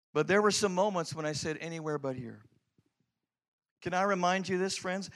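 A middle-aged pastor with a notably high voice delivers a storytelling sermon. He swings between loud, emphatic lines and hushed, prayerful passages.

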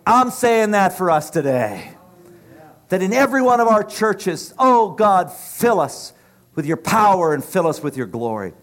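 A middle-aged male preacher delivers a sermon in a notably high voice. He builds his points in rhythmic, repeated phrases and speaks with rising passion. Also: big pitch swings, measured pace, a bit bright.

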